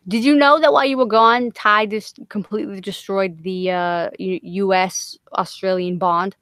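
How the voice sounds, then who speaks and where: A woman's voice: medium pitch, fairly even intonation, moderate pace, a bit bright, smooth, dry recording, clean studio sound. Profane woman hosting a livestream. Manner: profane, laughing banter. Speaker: livestream host. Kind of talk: casual livestream chat.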